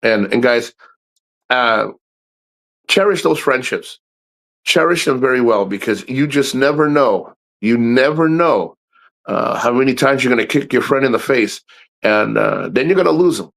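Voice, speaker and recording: A man's voice: medium pitch, expressive, unhurried, gravelly, fairly bright tone. A middle-aged man hosting a livestream, talking in a rambling, blunt and profane way. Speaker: livestream host. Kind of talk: casual livestream talk.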